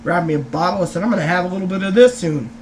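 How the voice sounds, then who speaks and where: A man's voice: high-pitched, racing, a little mellow, a little hiss or hum. A man vlogging in a casual, rambling storytelling way, full of hesitations and fillers, who raises his voice to act out what other people said.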